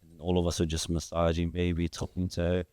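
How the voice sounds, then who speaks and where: A man's voice: deep voice, monotone, brisk, a little mellow, no room sound. A young man talking as a guest in a casual podcast conversation, rambling and filling his speech with "like". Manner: rambling, heavy use of "like" fillers. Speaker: guest, father of three.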